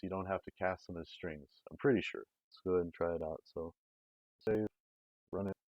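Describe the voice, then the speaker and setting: A man's voice: low-pitched, no room sound. A man streaming a programming lesson, thinking aloud in a rambling, casual way with many fillers. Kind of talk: casual live-coding walkthrough. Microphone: desk mic, close. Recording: dull, dry close-mic sound.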